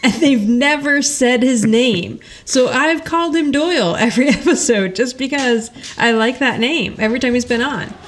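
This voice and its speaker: A woman's voice: sits high, moderate pace, few pauses. Chatty woman podcast host recapping. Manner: chatty storytelling, laughs often, acts out quoted lines. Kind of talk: casual chat.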